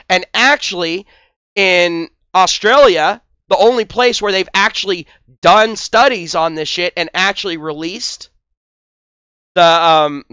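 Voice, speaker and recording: A man's voice: high voice, bright, forceful tone, clear, resonant tone, dry recording, lo-fi sound. A man hosting a commentary video, talking in a crude, scornful, mocking way. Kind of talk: profane reaction commentary.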